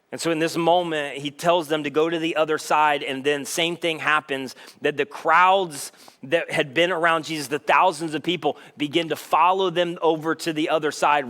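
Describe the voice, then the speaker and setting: A man with a fairly high voice preaches in a relaxed, everyday way. He is animated and keeps slipping into little acted-out dialogues to make his points. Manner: casual, animated, acts out dialogue. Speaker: pastor. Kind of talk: conversational sermon.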